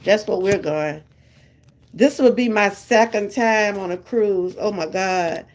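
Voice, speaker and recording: An older woman with a Southern US accent talks straight to her viewers in a relaxed, chatty way. Her voice sits at a middle pitch, and she laughs often between her stories. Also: slow. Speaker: vlogger chatting with live viewers. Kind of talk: casual live-stream chat.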